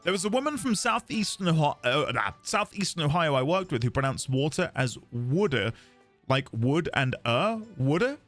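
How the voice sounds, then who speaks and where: A man's voice: a little high, sing-song, normal speed, fairly bright tone, faint music behind. A man chatting playfully on a game livestream, reading chat aloud and laughing often. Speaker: livestreaming gamer. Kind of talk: casual live-stream chat.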